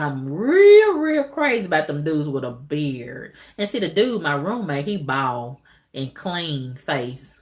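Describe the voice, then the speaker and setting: Speaking to her viewers in a candid, casual vlog monologue, a middle-aged woman drawls in a low-pitched voice and breaks out in loud whoops and exclamations.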